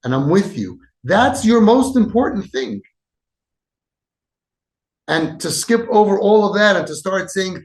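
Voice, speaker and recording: A man hosting a parenting podcast, giving impassioned advice with shifts between loud and soft and acting out quoted lines. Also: sits high. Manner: emphatic, acts out quoted dialogue, swings between loud and soft. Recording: echoey room.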